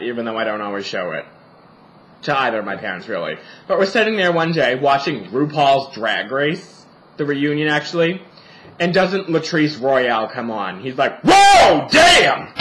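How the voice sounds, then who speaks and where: A man's voice: mid-range voice, animated, normal speed, fairly bright tone, a little hiss or hum, low-quality recording. A young man in drag, vlogging from a family home indoors, chatting in a campy, sassy, profane and joking way. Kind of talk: campy casual vlog monologue.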